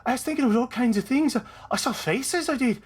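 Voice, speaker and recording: A man voicing a jittery male mercenary survivor with an Irish lilt, rambling in a high, fretful voice. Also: fairly quick, husky.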